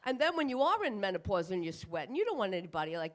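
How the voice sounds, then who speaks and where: A woman's voice: medium pitch, sing-song, fast talker. A woman in her fifties doing a crude, profane stand-up comedy set on a club stage, acting out asides. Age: 50s. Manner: crude, brash, profane punchlines with acted-out asides.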